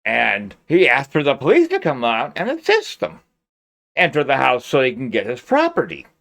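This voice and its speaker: This man's medium-pitched voice swoops wildly, with a creaky, slightly bright quality and a moderate pace. He reacts to a crime case with sarcastic incredulity and lots of laughter, speaking close to a peaking mic.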